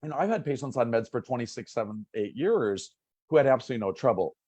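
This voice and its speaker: A man in his sixties from Minnesota, a pain doctor telling his story as an interview guest in a casual, animated way. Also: medium pitch, quick pace, husky, no echo. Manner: animated, acts out past conversations.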